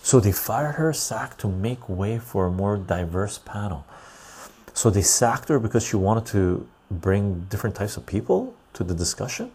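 A tired man hosts a loose, rambling livestream and reads chat messages aloud. His low voice is gravelly and husky. He laughs easily as he chats. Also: expressive, moderate pace, a little mellow. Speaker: livestream host reading chat.

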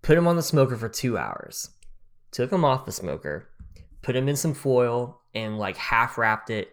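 A man in his thirties co-hosts a podcast, speaking at a medium pitch and normal speed in an animated way. He tells rambling, chatty stories full of fillers and laughs often.

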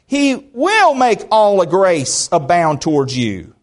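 Male preacher, high voice, folksy and joking, stumbles into restarts, church sermon. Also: huge pitch swings, takes it slowly. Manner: folksy, joking asides, repeats words when starting. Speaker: pastor.

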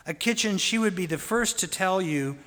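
A man telling fond, gently humorous family stories in a sermon. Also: high-pitched, expressive, moderate pace. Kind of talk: anecdotal storytelling sermon. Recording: long hall reverb.

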